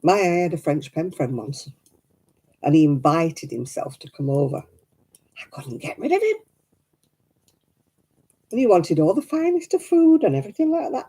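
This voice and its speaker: A middle-aged woman chats casually at home, telling stories as she works on her crafts. Her voice is warm and a little raspy, and it rises and falls a great deal. She laughs easily between her stories. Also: mid-range voice, low-quality recording. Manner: chatty and anecdotal, laughs often. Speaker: craft vlogger. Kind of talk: casual chat while crafting.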